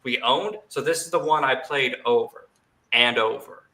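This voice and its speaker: A man with a bright, forceful voice co-hosts a casual podcast chat, speaking in a relaxed, measured way. His mic picks up an echoey room around him. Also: mid-range voice. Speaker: podcast co-host.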